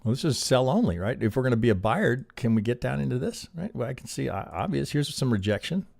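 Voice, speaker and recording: A man with a gravelly, slightly rough voice walks through trading charts on a live stream. He tosses out rhetorical questions and a steady "right?" as he thinks aloud. His voice sits mid-range and sounds dry and close. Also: mid-range voice, fast, no room sound. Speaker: trading educator reviewing member charts. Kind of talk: live-stream chart review, casual teaching.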